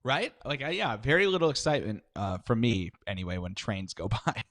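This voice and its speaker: A man co-hosting a podcast in casual comic chat, laid-back, with short replies and quiet laughs. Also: medium pitch, brisk.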